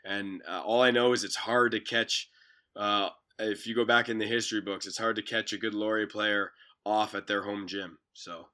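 A man's voice: on the low side, steady tone, moderate pace, pushed and bright. A man, a basketball coach talking casually on a podcast and often repeating words as he tells stories. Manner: talkative, repeats words while storytelling. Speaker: university basketball head coach.

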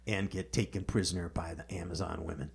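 A man's voice: low-pitched, steady tone, fairly quick, gravelly, husky. A man co-hosting a podcast, chatting casually about a movie in a laid-back, rambling way. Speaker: podcast co-host.

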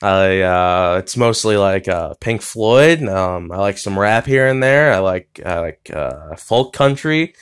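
A young American man with a low, clean-toned voice hosts his own podcast from his bedroom, speaking slowly with lively intonation and few pauses. The talk is casual and rambling, full of fillers, restarts and swearing.

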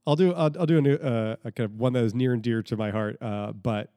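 A man's voice: medium pitch, fast talker, dark tone. A man in casual podcast chat with a mid-range voice, thinking aloud and often restarting his sentences. The sound is dry and close to the mic, with no room echo. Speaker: podcast co-host.

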